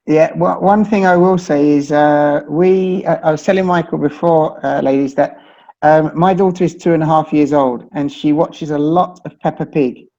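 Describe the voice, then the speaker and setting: A man's voice: a little high, moderate pace, mellow. A man with a British accent, chatting and telling anecdotes as a teacher in a webinar discussion. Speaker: English teacher. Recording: dull lo-fi sound.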